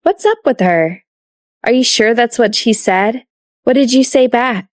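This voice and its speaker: A woman voicing a sharp, teasing young wife and mother with an animated, quizzing delivery. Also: a little high, measured pace, no echo, studio quality, pitched above the performer's own voice, close to an everyday voice.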